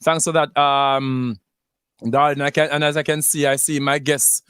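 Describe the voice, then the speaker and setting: A man's voice: on the high side, level tone, moderate pace, a bit bright, smooth, no echo, studio quality. A man hosting a casual live-stream radio talk show, chatting directly to his listeners and inviting them to comment.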